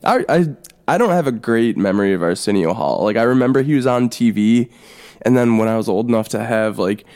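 A man co-hosting a casual comedy podcast, rambling with deadpan, self-deprecating sarcasm. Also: mid-range voice, a little fast. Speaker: podcast co-host.

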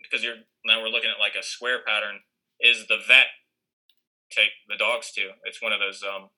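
A man's voice: on the low side, flat delivery, moderate pace, sharp tone, rough recording. A man casually telling a long story with lots of fillers and restarts. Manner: rambling, many fillers.

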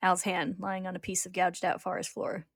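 A woman's voice: fairly low pitch, monotone, brisk, no room sound, studio quality. A woman host retelling a comic's story in casual recap narration, laughing often and lifting the quoted lines. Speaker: podcast host retelling a manga.

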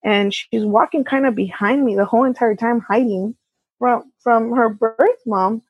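A woman's voice: fairly high pitch, husky, no echo, highs cut off. Candid woman telling a personal story. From California. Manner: candid, halting with restarts, quotes others in dialogue. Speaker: auto repair shop co-owner, guest. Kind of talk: conversational storytelling.

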